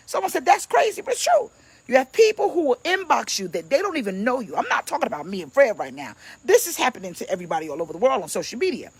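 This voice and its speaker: A woman pastor talks to her livestream viewers from home, playful and chatty. Her voice sits fairly high, and the sound is dry and close with no room echo. She greets people by name between points of her message. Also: breathy edge. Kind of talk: casual livestream preaching.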